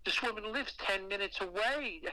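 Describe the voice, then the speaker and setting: Bright-voiced man telling a profane story. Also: high voice, normal speed, dry recording, rough recording. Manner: animated and heavily profane, with acted asides. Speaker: guest telling a ghost story. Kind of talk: casual storytelling on a podcast.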